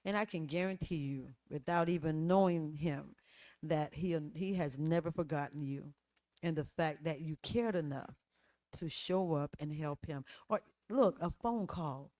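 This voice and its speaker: A woman's voice: sits low, unhurried, darkish tone, dry recording. A woman hosting a podcast interview, speaking emphatically in a preachy, declaring cadence. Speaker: podcast host.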